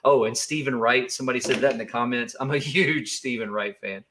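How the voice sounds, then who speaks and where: A man chatting loosely on a livestream, drifting from topic to topic with plenty of fillers and chuckles. His voice sits at a middling pitch for a man, with nothing unusual about it. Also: brisk, a bit bright, slight background noise. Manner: rambling, laughs often, with many fillers. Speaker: livestream co-host. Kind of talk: casual chat on a livestream.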